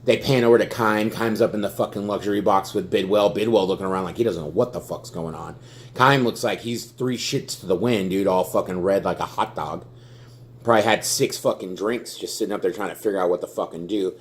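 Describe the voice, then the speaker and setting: A man's voice: low voice, a little fast. Man, young adult, furious, heavy swearing, stumbling repetitions, fan rant. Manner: stammers and repeats words when worked up. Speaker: sports fan vlogger.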